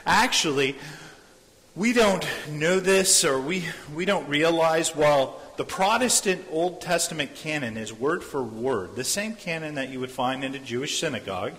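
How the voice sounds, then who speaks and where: Man preaching a sermon, bright forceful voice, a bit high, long hall reverb. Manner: earnest, repeats phrases, acts out quoted voices. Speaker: pastor.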